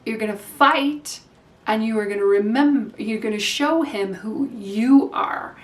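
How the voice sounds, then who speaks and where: A woman's voice: fairly high pitch, measured pace, close to an everyday voice. A woman voicing a bossy older female superhero costume designer, delivering a stern scolding pep talk. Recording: roomy and distant from mic.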